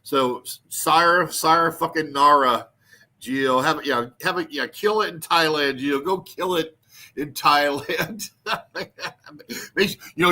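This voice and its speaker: A man rambling through a livestream, crude and full of fillers, often breaking into laughter. His voice is bright and a touch high, with a forceful edge. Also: slow pace. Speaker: livestream host. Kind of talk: rambling casual livestream chat.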